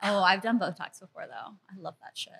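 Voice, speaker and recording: A woman's voice: medium pitch, a little fast, creaky, slight background noise. A woman in her thirties hosting a podcast, chatting casually and acting out quotes as she tells stories. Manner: animated storyteller, acts out quotes. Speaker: podcast host. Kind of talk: casual chat.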